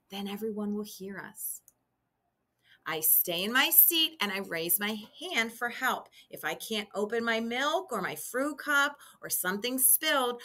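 A woman teacher speaking slowly and clearly to young children in an instructional video, with a sing-song classroom manner. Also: fairly high pitch, sharp tone. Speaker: kindergarten teacher.

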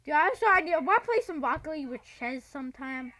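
A woman hosting a gaming channel, giving excitable gameplay commentary that breaks into yells and shrieks and is full of "dude". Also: high voice, fast talker.

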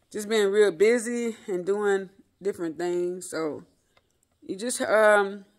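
A middle-aged woman talks straight to her viewers in a loose, rambling vlog. She drifts from story to story and calls out "y'all" often. She sends her love and blessings along the way. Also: mid-range voice. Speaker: vlogger. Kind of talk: casual product chat to viewers.

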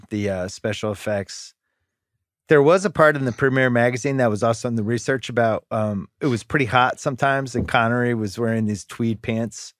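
A man's voice: mid-range voice, no room sound, studio quality. A man hosting a casual movie podcast, riffing through a loose chat and reaching often for sports-trade analogies. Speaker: podcast host.

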